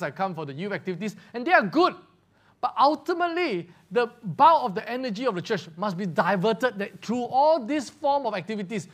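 A man preaching a sermon, often restarting words and asking rhetorical questions. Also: high-pitched. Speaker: pastor.

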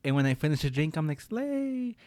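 A man's voice: on the high side, level tone, very fast, darkish tone, dry recording. A man co-hosting a podcast, telling a story in casual chat and laughing often. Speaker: podcast co-host.

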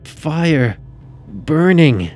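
A man's voice: fairly high pitch, sing-song, extremely slow, pitched above the performer's own voice, exaggerated voice. A man voicing a distressed woman who mumbles fearful fragments, with faint music behind. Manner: rambling, frightened, breaking into shouts.

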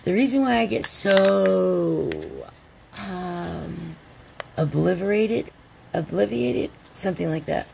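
A woman hosting a rambling solo podcast, a little drunk and stoned, drawling along and breaking into excited outbursts. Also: lowish voice, creaky, slight background noise. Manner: tipsy, meandering, slow drawl with sudden excited outbursts. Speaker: podcast host.

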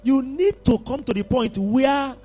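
A man's voice: extremely high pitch, a little slow, warm tone, soft background music. A man preaching a sermon, impassioned and rousing his congregation.

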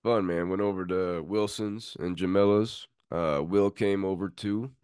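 A man's voice: low voice, steady tone, measured pace, a little mellow, clean tone, dry recording, studio quality. A man hosting a casual sports podcast, with laid-back, friendly banter. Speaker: podcast host.

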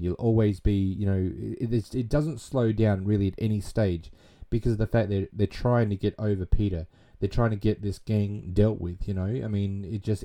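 A man's voice: fairly low pitch, dark tone. A man casually retelling a movie plot and reviewing it, rambling with plenty of fillers and restarts.

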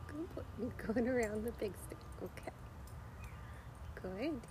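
A woman talking softly to her dog in a coaxing, praising way, first outdoors in the rain and then heading indoors. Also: fairly high pitch, animated, unhurried, background noise. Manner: soft, coaxing pet talk with frequent praise. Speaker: podcast host. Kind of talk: casual talk to her dog.

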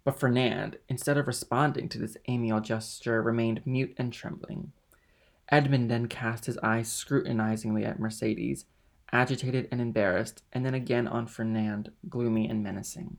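A man reading a classic novel aloud in measured, steady narration. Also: mid-range voice, vocal fry. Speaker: audiobook reader. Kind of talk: audiobook narration.

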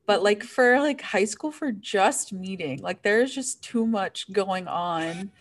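Slow-talking young woman, frank chat. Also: medium pitch, expressive. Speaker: podcast co-host. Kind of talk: casual chat.

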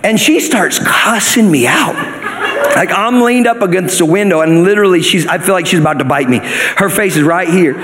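A man preaching in a church, his voice a little higher than most men's. He tells a joking personal story, then drives it home with emphatic preaching. The sound rings out with a long church-hall reverb. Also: normal speed, a bit bright, a little hiss or hum. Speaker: minister. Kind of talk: sermon.

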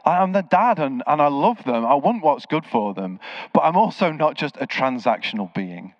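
A man's voice: fairly high pitch, normal speed, no echo. A man preaching a sermon, telling stories and acting out the voices of the people in them. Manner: animated storyteller, acts out quoted voices. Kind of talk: sermon with storytelling. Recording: slightly dull, dry sound.

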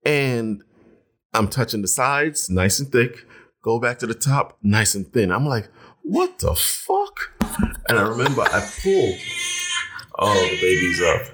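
A young man with a fairly low speaking voice tells a personal story straight to his viewers in relaxed, chatty storytelling. He gets animated, and his pitch leaps up whenever he acts out his own shocked reactions. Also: moderate pace, husky. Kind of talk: casual storytelling to camera.

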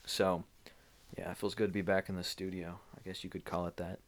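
A very low-voiced young man rambles through his own podcast, unscripted, drifting from topic to topic with plenty of fillers. He sounds groggy, like he just woke up, and is talking in a small room piled with blankets and pillows. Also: flat delivery, fairly quick. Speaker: podcast host. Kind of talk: casual rambling solo podcast.

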